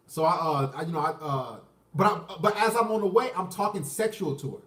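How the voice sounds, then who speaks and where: Man, high-pitched, profane boastful storyteller, restarts a lot; echoey room, mic set back. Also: expressive, a little fast, a bit bright, recorded from a distance. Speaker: vlogger telling a personal story. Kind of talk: casual storytelling.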